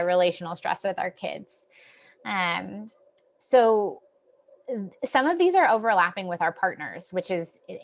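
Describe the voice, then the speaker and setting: A young adult woman therapist giving an informal wellness talk, gentle and reassuring, with frequent ums and restarts. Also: on the low side, creaky. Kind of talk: informal lecture.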